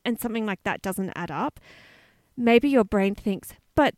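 A woman's voice: mid-range voice, normal speed, a little mellow, dry recording, clean studio sound. A woman co-hosting a podcast, chatting casually and telling a story with lots of asides. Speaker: podcast co-host.

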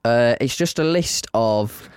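A man's voice: mid-range voice, expressive, slow, clear, resonant tone, no echo, clean studio sound. A man co-hosting a podcast, easygoing and rambling in casual chat. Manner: easygoing, rambling, laughs along. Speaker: podcast co-host.

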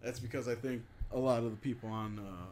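A man chatting casually with friends about movies, excitable, laughing and swearing. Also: medium pitch, a little fast, slight background noise. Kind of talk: casual podcast chat.

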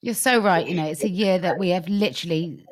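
A woman's voice: on the low side, a little fast. A woman hosting an interview podcast over a video call, speaking expressively and with emphasis. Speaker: podcast host.

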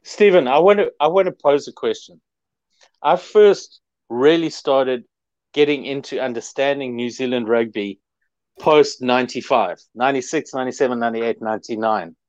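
A man's voice: mid-range voice, normal speed, a little mellow, no echo. A man co-hosting a rugby chat, talking in a thoughtful, hesitant way with many fillers. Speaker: rugby podcast co-host. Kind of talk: reflective sports chat. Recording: dull, dry lo-fi sound.

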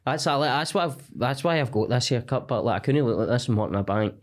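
A Scottish man sits close to a studio mic as a guest comedian. He tells jokey stories with a steady pitch for a man and plenty of swearing. The talk is loose podcast banter. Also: quick pace. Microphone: studio mic close to face.

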